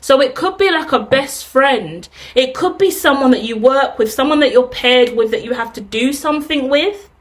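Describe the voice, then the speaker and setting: A woman gives an intuitive tarot reading, wandering off on loose tangents and dropping casual swears. Her voice sits fairly high, and she talks in an unhurried, chatty way. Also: expressive. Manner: rambling, casual swearing, laughs at own tangents. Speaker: tarot reader.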